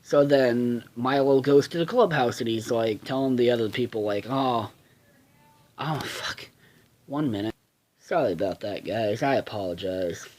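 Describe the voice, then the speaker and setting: A man's voice: medium pitch, normal speed, darkish tone. A man casually reviewing a cartoon episode, swearing a lot and rambling with many fillers and restarts.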